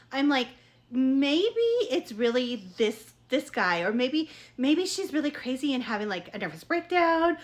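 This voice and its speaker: A woman talks through a book review in a loose, chatty ramble. Her voice sits a little high, and she keeps circling back with fillers and restarts. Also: sharp tone. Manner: rambling, chatty, many fillers and self-corrections. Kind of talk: casual chat.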